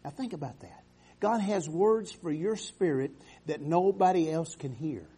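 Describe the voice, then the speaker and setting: A man preaching a sermon with fervor, swinging from loud exhortations to soft, quiet passages. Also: fairly high pitch, a little slow, husky. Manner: fervent, rising to loud exhortations, dropping to soft tones.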